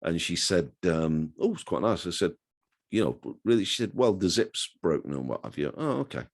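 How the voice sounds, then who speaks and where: Chatty low-voiced man in his sixties. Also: a little fast, creaky. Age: 60s. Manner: chatty, animated anecdotes, self-deprecating. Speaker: guest. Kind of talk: casual storytelling interview.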